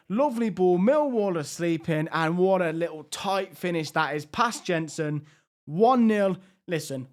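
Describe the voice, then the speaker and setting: A man commentating his own video game, swinging from hushed tension to loud excited outbursts. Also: high voice. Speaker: gaming YouTuber.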